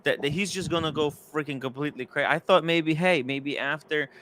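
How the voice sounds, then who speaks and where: A man's voice: a little high, fairly quick, bright, forceful tone. A man hosting a casual livestream podcast, rambling and full of fillers, sometimes apologetic. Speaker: host.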